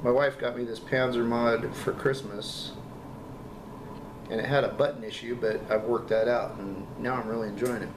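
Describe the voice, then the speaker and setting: A man giving a casual product review, talking in halting, enthusiastic bursts and coughing now and then from a lingering cough. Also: medium pitch, little pitch movement. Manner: halting, repeats words, enthusiastic. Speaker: vape juice reviewer. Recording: echoey room with background noise.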